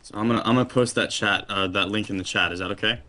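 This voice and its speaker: A man hosting a charity stream over a voice call, playful and quick to laugh, often repeating words as he talks. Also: on the low side, steady tone, bright, forceful tone. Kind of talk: casual chat on a voice call.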